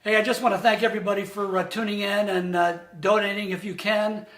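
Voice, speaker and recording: A man's voice: high voice, level tone, fast. A man singing rock songs unplugged, strumming a guitar, with a Midwestern American accent, then thanking viewers. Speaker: musician. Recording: echoey room with loud guitar.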